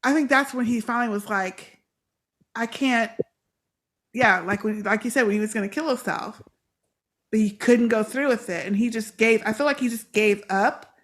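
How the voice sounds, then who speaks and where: Animated podcast host, a woman. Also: fairly high pitch, brisk. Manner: animated, acts out characters' lines in quotes. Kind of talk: casual fan podcast chat.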